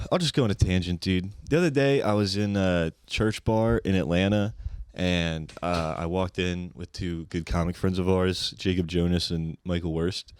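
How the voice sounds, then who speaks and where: A man's voice: deep voice, normal speed, darkish tone, clear, resonant tone, dry recording. A young man, a guest comedian, telling a profane, ranting story in casual podcast chat.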